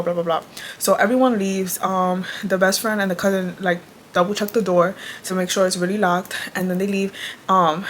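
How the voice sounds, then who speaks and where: A woman's voice: medium pitch, fairly bright tone, a little hiss or hum. Blunt, exasperated young woman vlogger. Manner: blunt, exasperated, swears freely, lots of "like". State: tired. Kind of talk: casual storytime chat.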